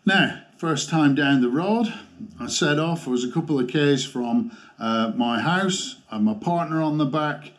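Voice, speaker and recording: A man giving a motorcycle gear review in a vlog, ranting with exasperation and halting restarts. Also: fairly high pitch.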